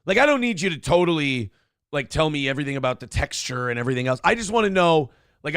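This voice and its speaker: A man's voice: fairly high pitch, animated, quick pace, a bit bright, clear, resonant tone, no room sound, studio quality. A man hosting a casual morning show, ranting with profanity and self-deprecating humor. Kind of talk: casual podcast rant and chat. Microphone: headphones and clamp-mounted desk microphone.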